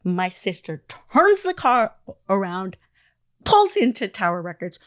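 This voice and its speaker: Animated woman telling a story. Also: medium pitch, a little slow, dry recording. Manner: animated storyteller who acts out quoted lines. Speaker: interview guest. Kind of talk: lively anecdote in an interview.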